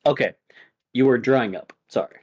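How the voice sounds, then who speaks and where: A man's voice: medium pitch, a little mellow, breathy edge. A man narrating a tabletop game as game master, talking casually with fillers. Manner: casual, halting, with fillers and restarts.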